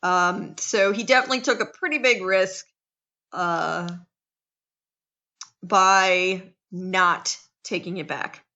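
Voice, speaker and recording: American lady teacher talking slow, bright sharp voice, kinda muffled lo-fi recording. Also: mid-range voice, steady tone. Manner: chatty, acts out quotes, many restarts. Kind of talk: casual classroom lecture.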